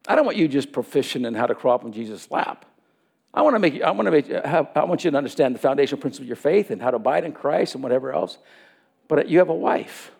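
A man's voice: mid-range voice, expressive, fast talker, gravelly, a little mellow, breathy edge. A man preaching a sermon, telling a personal story and acting out the dialogue in it.

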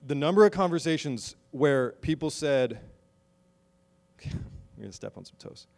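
A man's voice: a little high, animated, creaky, in a large hall. Man preaching with rising fervor. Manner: conversational preaching that swells into loud, slow, emphatic exhortation; wry, teasing asides to the congregation. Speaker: pastor. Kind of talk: sermon.

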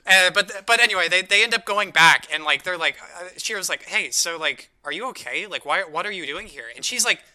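Bright high-voiced man recapping fast. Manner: rapid, filler-heavy retelling with quoted voices. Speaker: podcast co-host. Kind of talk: casual recap chat.

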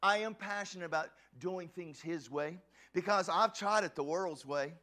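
A man preaching a passionate sermon as a pastor, often shouting and stumbling over restarts. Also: high-pitched, moderate pace.

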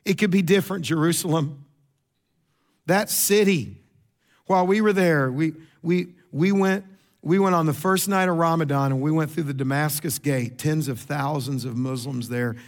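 A middle-aged man, preaching a sermon in a conversational style. He repeats words, makes quick asides to the congregation, and gets louder and higher to stress a point. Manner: rises in pitch and volume for emphasis. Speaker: pastor.

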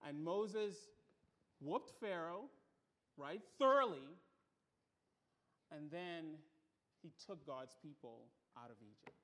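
A man's voice: a little high, lively intonation, takes it slowly, long pauses, a bit bright. A male pastor preaching a sermon to a congregation, emphatic, building his points through repeated phrases. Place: church room with congregation.

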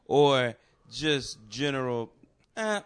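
A man's voice: mid-range voice, lively intonation, slow pace, clear, resonant tone. A man co-hosting a podcast, blunt and teasing in casual chat, swearing freely. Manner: blunt, profane, teasing banter. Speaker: podcast co-host.

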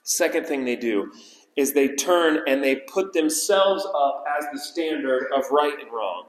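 A man preaching a sermon as pastor, repeating key phrases and slowing down to stress them. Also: medium pitch, expressive. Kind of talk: expository sermon. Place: church sanctuary. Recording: roomy church hall reverb.

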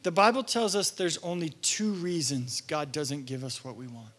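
A man's voice: a little high, fairly even intonation, moderate pace, a bit bright. A young man preaching a sermon as pastor, telling stories animatedly and acting out his own exasperation.

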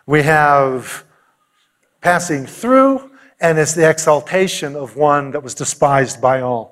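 A man preaching a sermon with a slightly high voice. He tells the story with animation and slips into the voices of the people in it, swinging between loud calls and soft asides. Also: slow pace. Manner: animated storytelling, acting out quotes. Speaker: pastor.

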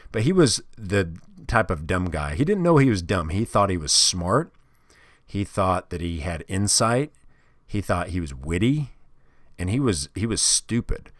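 A man's voice: low-pitched, sing-song, a little slow, dry recording, clean studio sound. A middle-aged man from the Midwest hosting a solo podcast, rambling through profane, self-deprecating stories. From American Midwest. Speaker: podcast host. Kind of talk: casual solo podcast monologue.

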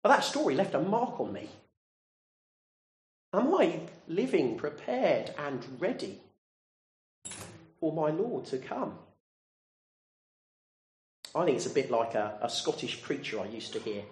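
A man's voice: fairly high pitch, very animated, measured pace, pauses often, a little mellow. A man preaching a sermon, earnestly putting direct questions to his listeners. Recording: roomy echo.

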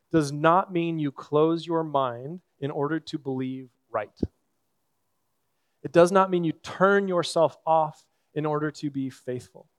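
A man preaching a sermon as a pastor, earnest and conversational, with thoughtful pauses. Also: a little high, clear, resonant tone, dry recording.

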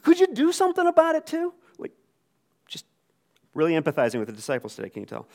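A man preaching a sermon in a casual, conversational way. He acts out the quoted lines with lively voices. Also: on the high side. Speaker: pastor.

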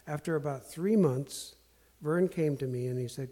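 A man tells personal stories in an earnest, self-deprecating way, pausing and restarting often with fillers. His voice sits a little high for a man, with a mellow, warm tone. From Portland area. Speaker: speaker sharing life lessons. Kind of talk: candid storytelling talk.

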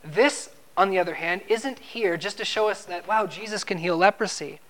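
A man with a high-sitting, fairly bright voice preaches an expository sermon at a normal speed. His style is conversational: he poses questions to listeners and repeats words when stressing a point.

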